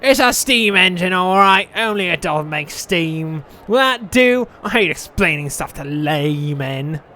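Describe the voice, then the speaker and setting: Guy putting on a huffy yorkshire-ish tradeswoman, high and loud and gruff. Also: lively intonation, unhurried, slight background noise, full character voice. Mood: grumbling. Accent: put-on Yorkshire. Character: gruff grumbling woman artificer, impatient.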